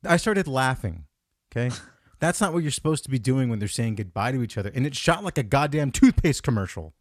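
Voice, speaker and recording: A man's voice: medium pitch, brisk, no room sound, clean studio sound. A man hosting a comedy podcast, ranting casually about a movie, swearing a lot and acting out his own thoughts. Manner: profane, animated, acts out his own thoughts in quotes. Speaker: podcast host.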